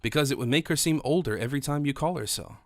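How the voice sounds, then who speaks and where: A man reading the part of a courteous, sharp-eyed musketeer, speaking in a wry, courteous way. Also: medium pitch, quick pace, dry recording, clean studio sound, close to an everyday voice.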